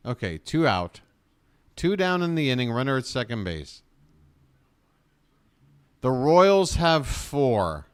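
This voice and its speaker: A man calling a baseball game live for his own stream, in a mid-range voice. He moves between steady play-by-play and animated, joking rants. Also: medium pitch, slow pace, pauses often, clear, resonant tone. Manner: animated, ranting, joking asides. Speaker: fan streamer doing play-by-play. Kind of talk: live fan play-by-play commentary.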